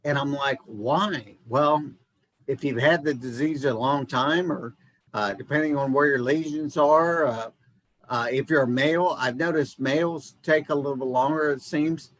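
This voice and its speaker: A man's voice: fairly high pitch, fairly even intonation, moderate pace, no echo, poor audio. A man hosting an interview, talking in a conversational and encouraging way. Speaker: host. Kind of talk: casual interview.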